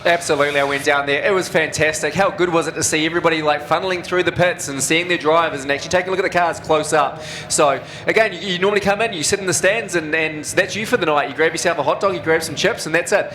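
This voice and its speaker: Kiwi co-commentator guy, quick and bright, all enthusiasm, faint noise. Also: a little high. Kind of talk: live race commentary.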